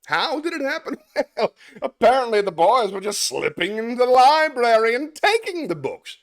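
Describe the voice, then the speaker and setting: A man's voice: very high voice, sing-song, normal speed, pitched above the performer's own voice, exaggerated voice. A man performing a comic monologue as a pompous, callous male school headmaster with stiff, formal bluster. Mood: matter-of-fact.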